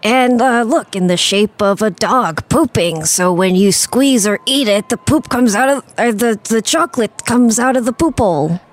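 A man putting on a high, snarky festival food vendor. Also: lively intonation, moderate pace, few pauses. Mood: mocking. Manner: teasing, mocking. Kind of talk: comedy skit.

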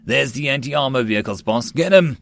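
A man's voice: medium pitch, expressive, moderate pace, lightly acted. A man voicing a nervous, newly made male AI battle assistant that pleads and squeals at his boss in an audiobook. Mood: urgent.

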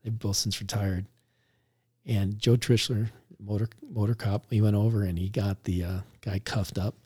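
A man, a police officer, recounting a story in a relaxed conversational way, laughing now and then as he talks. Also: on the low side, moderate pace, husky. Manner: animated, laughs while recounting.

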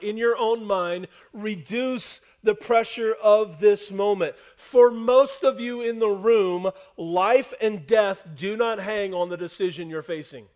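A male pastor delivers a sermon to his congregation in a noticeably high voice. He drops to soft, hushed lines and then climbs back to loud, emphatic passages. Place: church hall before a congregation.

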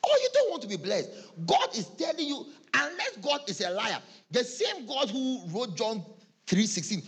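Animated, husky Ghanaian preacher man. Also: extremely high pitch, moderate pace. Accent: Ghanaian English. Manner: animated preaching, acts out church members' excuses, laughs often. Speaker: pastor. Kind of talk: sermon.

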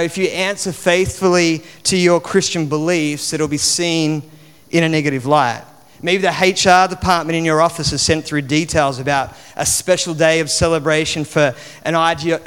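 A man, preaching a sermon in a relaxed, conversational way full of fillers. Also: fairly high pitch, clean tone. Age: 40s. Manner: conversational, chatty with many fillers. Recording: long hall reverb.

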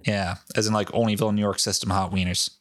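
A man's voice: fairly low pitch, quick pace, no room sound, studio quality. A man with a Rhode Island accent, co-hosting a podcast and telling a local ghost legend off the cuff, swearing often. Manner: profane, off-the-cuff and animated. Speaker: podcast co-host. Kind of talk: casual chat, storytelling.

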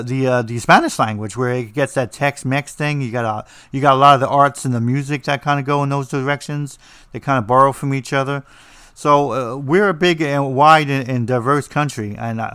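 A man's voice: medium pitch, fairly bright tone, smooth, no echo, studio quality. A man with a New Jersey accent, teaching about writing in a blunt, rambling, joking way with lots of fillers. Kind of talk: casual monologue.

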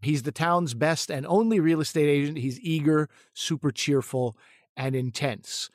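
A man with a fairly high speaking voice co-hosts a casual podcast, thinking aloud as he tells a story. He often restarts his sentences. The sound is close and dry, with no room echo. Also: unhurried. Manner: thoughtful storyteller with frequent restarts. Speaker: podcast co-host, comedic actor.

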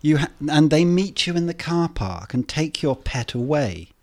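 A man, a podcast guest, chatting casually and telling stories with dry, deadpan humour. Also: on the high side, moderate pace. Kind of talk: casual chat.

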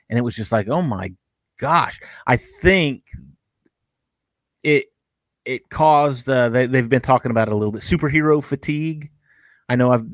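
A man's voice: mid-range voice, no room sound. Chatty man on a dry mic. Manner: chatty, rambling, restarts phrases. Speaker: podcast co-host. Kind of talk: casual live chat.

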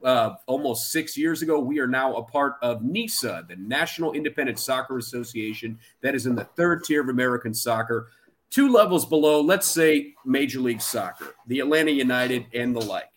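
A man co-hosting a casual baseball podcast, upbeat and smooth like a play-by-play announcer. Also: medium pitch, lively intonation, fairly quick, fairly bright tone.

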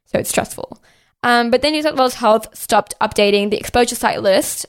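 A woman's voice: a little high, a little fast, clear, resonant tone. A young woman hosting a podcast, ranting casually with heavy swearing and constant "like". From Australia. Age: young adult. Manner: exasperated, heavy swearing, lots of "like". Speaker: podcast host.

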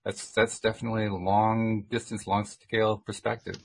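A man's voice: fairly low pitch, level tone, moderate pace, creaky. A man in reflective casual conversation, talking thoughtfully with frequent restarts.

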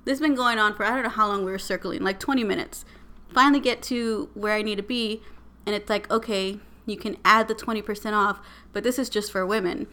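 A woman, telling a story as a podcast co-host in a casual, animated and exasperated way. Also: medium pitch, a little fast. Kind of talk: casual chat.

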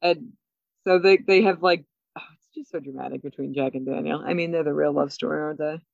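A woman co-hosting a podcast, recapping a TV episode in casual chat, animated and laughing often. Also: low voice, a little fast, creaky, no echo. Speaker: podcast co-host. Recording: dull, dry sound.

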